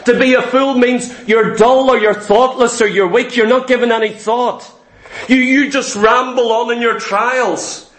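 A man's voice: very high voice, steady tone, unhurried, fairly bright tone. A man preaching a sermon, emphatic and repetitive, acting out the complaints of doubters in quoted asides. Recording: echoey room.

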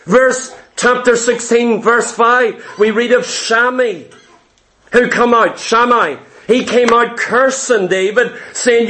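Male preacher, high-pitched, dramatic storyteller, sinks to low intense tones when stressing a point. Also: slow pace, a bit bright. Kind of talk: sermon.

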